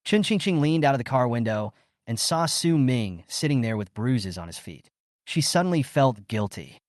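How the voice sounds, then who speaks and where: Man, story recap narrator, lively intonation, dry close recording. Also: medium pitch, moderate pace, no room sound.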